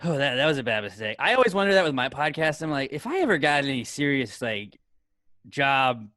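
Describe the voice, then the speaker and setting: A man's voice: medium pitch, big pitch swings, fairly quick, sharp tone, dry recording, clean studio sound. A man hosting a podcast in casual chat, teasing his guest and laughing easily. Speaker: podcast host.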